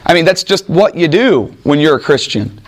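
A man's voice: a little high, big pitch swings, moderate pace. A man preaching a sermon in a conversational way, reading scripture aloud and acting out the voices in it. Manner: conversational, acts out voices in Bible stories. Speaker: pastor.

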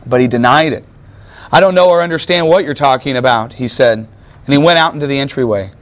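An American pastor teaches a sermon conversationally, asking his listeners questions and searching aloud for words. His voice is medium in pitch and fairly bright, and he talks a little fast.

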